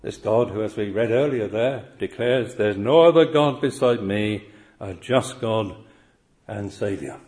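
A man's voice: on the low side, measured pace, darkish tone. A man preaching a sermon, earnest and emphatic, often pressing his point with rhetorical questions.

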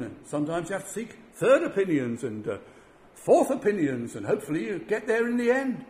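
A man delivers a sermon in a fairly high voice. He speaks earnestly, often repeating a word before pressing on with his point. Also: very animated, brisk, darkish tone, slight background noise. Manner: earnest, repeats words while building a point. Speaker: preacher.

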